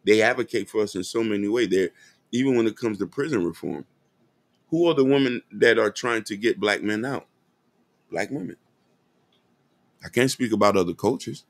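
Lowish and animated, this podcast host's voice moves at a moderate pace with long pauses. His commentary is earnest, impassioned, and direct, addressing his audience as "y'all." The recording has no echo.

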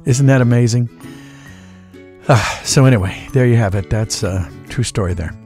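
A man in his sixties, a voice actor, chatting through an interview in a relaxed, folksy way. He sits at a middle pitch and drifts into stories. A faint guitar plays behind him. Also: moderate pace. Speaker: voice actor guest.

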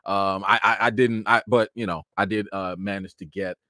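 A man casually telling stories from an awards show, chatty with many fillers, jumping into a high excited voice when acting out his encounters. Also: normal speed, no echo, studio quality. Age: adult with a child. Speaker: vlogger recounting an awards show. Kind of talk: casual storytelling chat.

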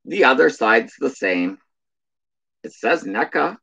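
A man hosting a casual live stream, reading viewer chat messages aloud in a flat drawl. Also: mid-range voice, slow, vocal fry, slightly rough.

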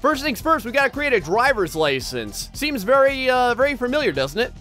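High-voiced jokey gameplay commentator man. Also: very animated, a little fast, pushed and bright, soft background music. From New Jersey, United States. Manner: jokey, rambling, talks straight to viewers. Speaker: gaming YouTuber.

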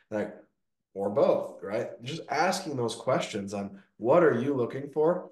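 Chatty business owner in an echoey room. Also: male voice, mid-range voice, unhurried. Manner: energetic storytelling, frequent "like" and "right?". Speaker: gutter business owner, guest. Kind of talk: casual interview talk.

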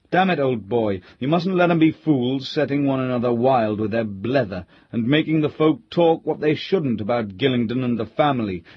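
A man doing a gruff, blustery country squire. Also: medium pitch, no echo, highs cut off. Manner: blunt, coaxing country speech.

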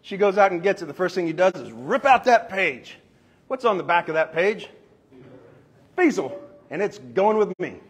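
A roofing company owner with a high, husky voice shares his sales tactics by telling stories to a room. He acts out quick back-and-forths with customers and staff, changing voices for each, and his delivery is loose and animated, packed with asides.

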